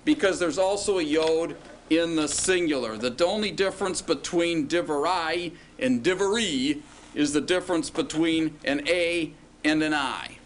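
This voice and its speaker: Guy teaching a class, slightly high voice, keeps asking the room questions, faint hiss behind. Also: unhurried. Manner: patient, asks students questions, stretches out words. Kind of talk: classroom lecture.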